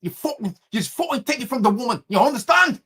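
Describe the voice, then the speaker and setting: A man's voice: very high voice, lively intonation, quick pace, voice pushed up, exaggerated voice. A man putting on a mock London accent as a foul-mouthed Englishman scolding another man. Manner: shouting, profane, scolding.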